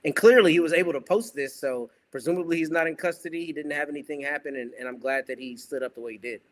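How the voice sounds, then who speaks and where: A man speaking as a panelist in political commentary, measured and approving, with some casual slang. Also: fairly high pitch.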